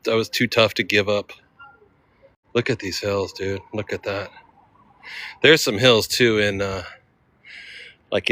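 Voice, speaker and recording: Walking steep city streets outdoors with a handheld phone, a man livestreams a casual chat, out of breath and slangy, calling viewers dude again and again. His voice is fairly low, bright and forceful, with no echo.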